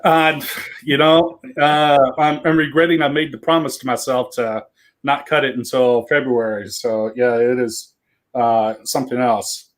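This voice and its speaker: A man's voice: mid-range voice, little pitch movement, a little slow, low-quality recording. A man guest on a livestream, talking laid-back with dry humor from his game room at home. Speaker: guest, tournament organizer. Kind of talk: casual livestream chat.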